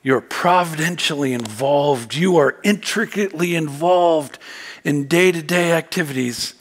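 A man preaching a sermon as a church pastor, swinging from quiet, low reflection to loud, fervent exhortation. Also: unhurried.

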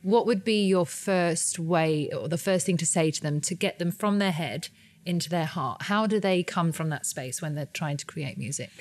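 A woman's voice: fairly low pitch, normal speed. A woman hosting a podcast interview in a studio, chatty, upbeat and a little self-deprecating. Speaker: podcast host. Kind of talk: casual interview. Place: new studio. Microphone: studio microphone.

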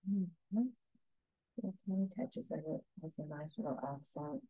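A woman teaching a painting lesson, giving soft, unhurried step-by-step instructions. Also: sits low, animated, breathy edge, dry recording, rough recording.

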